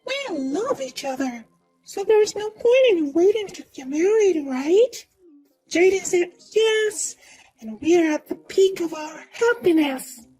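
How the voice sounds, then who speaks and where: A woman's voice: very high-pitched, animated, slow pace, warm tone, exaggerated voice, rough recording. A woman voicing a smug, boastful young woman who taunts and mocks in a sing-song way. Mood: smug taunting. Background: faint music.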